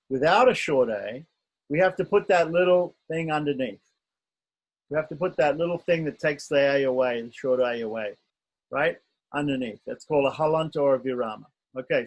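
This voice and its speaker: Male teacher, slightly high and husky voice, patient, repeats sounds and checks in with "right?". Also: poor audio. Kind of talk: online script lesson.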